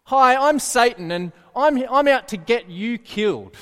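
A man's voice: very high-pitched, animated, unhurried, pushed and bright, smooth, exaggerated voice. A man voicing a sly male devil who cheerfully introduces himself, heard with echoey hall reverb. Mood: mock-cheerful.

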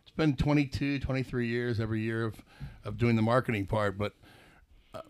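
A man's voice: medium pitch, a little fast, clean tone, dry recording. Middle-aged man, casual guest chat, rambling, lots of restarts. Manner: rambling, laughing storyteller with many restarts. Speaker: guest, business owner.

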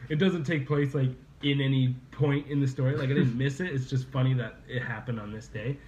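A man's voice: mid-range voice, fairly even intonation, brisk, darkish tone, roomy sound, slight background noise. A young man hosting a podcast, telling a rambling story in casual chat, laughing and swearing as he goes. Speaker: podcast host. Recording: slightly dull lo-fi podcast audio, faint ambience.

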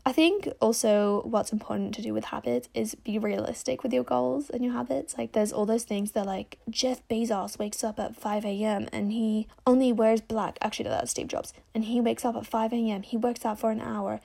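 Young woman, casual podcast chat, slightly high voice, lots of vocal fry. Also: fairly even intonation, normal speed, hardly any pauses, warm tone. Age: young adult. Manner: chatty, rambling, frank. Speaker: podcast host.

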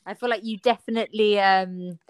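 A woman's voice: medium pitch, steady tone, brisk, clean tone, no room sound, rough recording. A woman co-hosting a podcast over a video call, chatty and teasing in casual chat. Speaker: podcast co-host.

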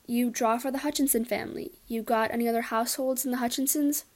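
A woman reading the part of a formal, steady man who runs a village ritual, giving measured directions. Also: a little high.

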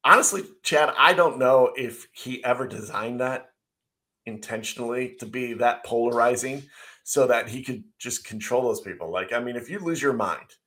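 A man's voice: medium pitch, normal speed, pushed and bright. A man co-hosting a casual talk show, speaking bluntly and ranting with frequent laughs. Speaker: podcast co-host. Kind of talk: casual opinionated chat.

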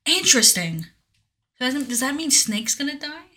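A woman's voice: high-pitched, sing-song, moderate pace, pushed and bright. A woman co-hosting a podcast, asking curious questions about a video game's story and laughing often in casual chat. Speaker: podcast co-host.

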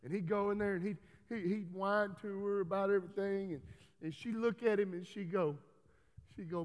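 A man preaching a folksy sermon in a church, building to loud, emphatic calls. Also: high voice, steady tone, moderate pace. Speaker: pastor. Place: church hall. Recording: reverberant church hall.

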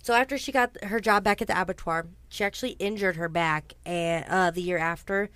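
A woman's voice: on the low side, fairly quick, fairly bright tone, no echo. A woman casually telling a true-crime story to a co-host, chatty and blunt, swearing freely, with frequent ums and asides. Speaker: podcast host.

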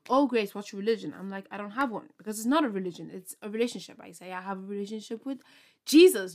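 A young woman hosting her own podcast, chatting casually in an excitable, rambling way with lots of fillers. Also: mid-range voice. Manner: bubbly, excitable, rambling with many fillers and laughs. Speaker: podcast host. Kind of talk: casual solo podcast chat.

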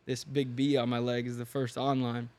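A young man chats on a podcast as a guest, spinning a story with lively energy. He acts out the lines of the people he quotes and laughs easily. His voice sits at an ordinary middle pitch. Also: normal speed. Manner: animated, laughs often, acts out quoted dialogue. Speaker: podcast guest, online fitness coach. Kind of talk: casual storytelling chat.

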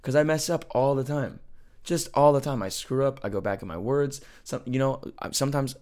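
A man's voice: medium pitch, fairly quick, a little mellow. Earnest man on a casual podcast. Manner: earnest, loose speech with many "like" and "right?" checks. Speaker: podcast co-host. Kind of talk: casual faith podcast chat.

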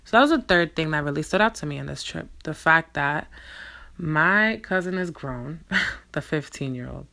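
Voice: mid-range voice, animated, moderate pace, creaky, sharp tone. A young adult in their twenties telling a personal story as a solo podcast host, rambling and swearing, with lots of fillers and restarts, recorded on a phone. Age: 20s. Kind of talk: casual storytelling monologue. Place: indoors, alone. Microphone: phone mic.

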